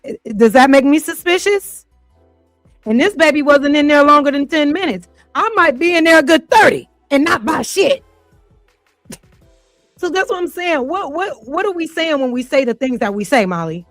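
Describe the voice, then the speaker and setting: High-voiced, profane woman host. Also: expressive, normal speed, soft background music. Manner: blunt, profane and heated, with rhetorical questions. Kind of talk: casual reaction commentary.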